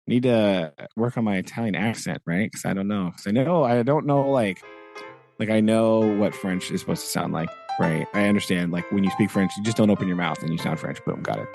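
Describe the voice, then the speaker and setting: A man's voice: fairly low pitch, fairly quick, gravelly, music in the background. A man co-hosting a podcast in casual chat, rambling and correcting himself, with frequent chuckles. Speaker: podcast co-host.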